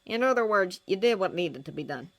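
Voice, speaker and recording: A woman voicing an intense male doctor with an American accent, quiet and blunt. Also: mid-range voice, expressive, a little fast, lightly acted.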